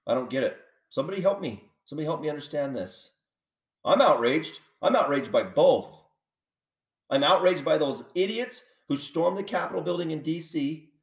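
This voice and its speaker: A man's voice: fairly high pitch, reverberant, recorded from a distance. A man hosting a podcast, delivering a heated political monologue full of repeated rhetorical questions. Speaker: podcast host.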